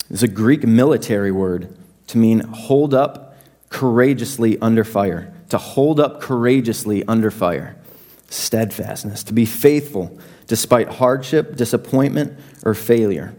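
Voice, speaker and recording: A young adult man preaching a sermon to his congregation in a conversational, self-deprecating way with animated asides. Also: fairly low pitch. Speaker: pastor.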